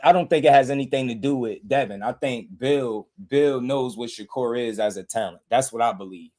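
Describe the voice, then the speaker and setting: A man hosting a casual boxing livestream, talking emphatically in slang, repeating himself and shouting out viewers from the chat. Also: mid-range voice. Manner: emphatic, repetitive, slangy, reads super chats aloud.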